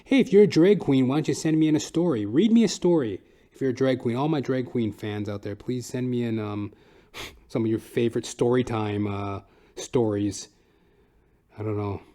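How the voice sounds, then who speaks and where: A man's voice: moderate pace, mellow. A man hosting a comedy podcast, rambling and swearing through a solo monologue. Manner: profane, rambling, jumps into high silly voices. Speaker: podcast host.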